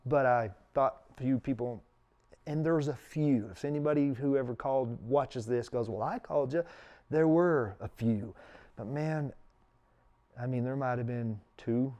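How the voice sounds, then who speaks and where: An earnest, middle-aged man talks through a personal story as an interview guest. He slips into the voices of the people he quotes. His voice sits at an ordinary middle pitch for a man. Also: unhurried, warm tone.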